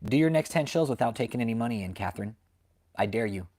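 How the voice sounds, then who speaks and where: An American man who hosts a channel exposing cult leaders delivers an angry, profane, confrontational rant at home, circling back to the same points again and again while dogs bark nearby. His mid-range voice is a little mellow, with lively intonation and a quick pace.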